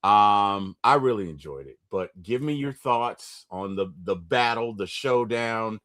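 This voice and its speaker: Animated man retelling a movie. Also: lowish voice. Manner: animated retelling, acts out scenes with quick impressions. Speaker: movie review podcast host. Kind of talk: casual movie recap chat.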